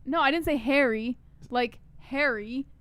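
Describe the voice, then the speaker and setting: A woman's voice: sits high, unhurried, a bit bright, no room sound. A woman with a New York accent co-hosting a casual livestream podcast, giggling and defending how she talks. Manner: giggly, defensive when teased. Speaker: podcast co-host.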